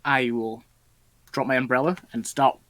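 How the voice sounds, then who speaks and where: A player in a tabletop horror game, excitable and quick to laugh. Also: medium pitch, no echo. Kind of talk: casual tabletop game chat.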